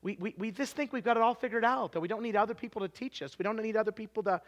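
A man in his forties preaching a sermon, telling stories with lots of restarts and sometimes dropping to a hushed, confessional tone. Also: high voice, very fast, lo-fi sound. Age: 40s. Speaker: pastor.

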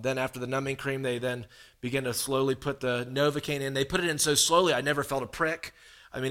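A man's voice: medium pitch, pushed and bright. A man preaching a sermon, telling a long personal story with humor and animation.

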